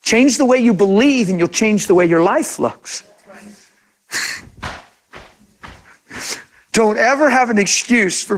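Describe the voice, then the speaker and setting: Impassioned man preaching a sermon. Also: high voice. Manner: impassioned, conversational, acts out imagined quotes.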